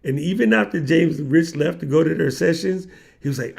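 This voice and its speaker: A man's voice: on the high side, a little fast, gravelly. A man hosting a livestream, telling a story in casual slang and acting out the people he quotes. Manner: animated slangy storyteller, acts out quoted voices. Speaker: livestream host.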